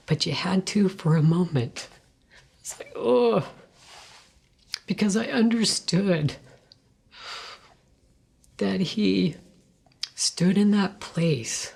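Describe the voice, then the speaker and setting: A woman with a low, deep-set voice recounts her faith testimony at a slow, deliberate pace. She talks softly and earnestly, often sinking to a breathy whisper. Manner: soft and earnest, drops to hushed whispers. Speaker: guest sharing a testimony.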